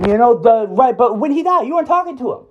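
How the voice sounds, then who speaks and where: A man's voice: extremely high pitch, animated, quick pace, a little hiss or hum. A former schoolteacher, a man, rambling angrily on a recorded phone call and often asking "right?". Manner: rambling, agitated, keeps asking "right?" and says "dude". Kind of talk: heated recorded phone rant.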